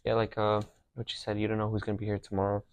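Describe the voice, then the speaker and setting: A man's voice: lowish voice, monotone, rapid-fire, dry recording. A young man hosting a podcast, telling personal stories in a casual, slangy way. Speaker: podcast host.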